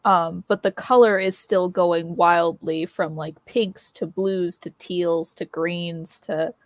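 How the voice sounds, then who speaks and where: A woman describing her tabletop game character slowly, with many ums and likes. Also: on the low side, fairly even intonation, no echo. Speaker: player.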